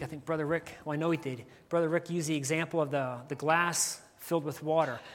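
A preacher delivers a morning sermon from a church stage. The voice sits at a middle pitch and leans on "you know" in almost every phrase, saying key lines twice over. A long hall reverb trails behind each phrase.

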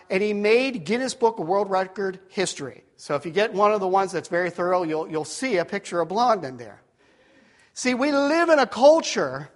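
A man in his fifties preaches with a higher-pitched voice. He tells a story with self-deprecating asides, swinging between shouted peaks and hushed, nearly whispered moments. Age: 50s. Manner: animated storytelling, rising to shouts at peaks, dropping to near-whispers. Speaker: pastor. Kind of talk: sermon.

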